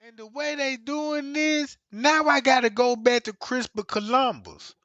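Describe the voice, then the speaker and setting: A man's voice: very high voice, fairly even intonation, unhurried, sharp tone, no echo, dull audio. A man streaming to viewers, ranting in a casual, slangy, emphatic way and repeating himself.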